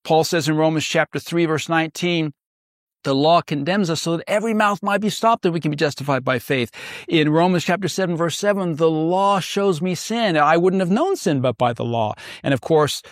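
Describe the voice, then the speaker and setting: A man's voice: a little high, dry recording, clean studio sound. A male pastor teaching a Bible study, earnest and emphatic, asking rhetorical questions.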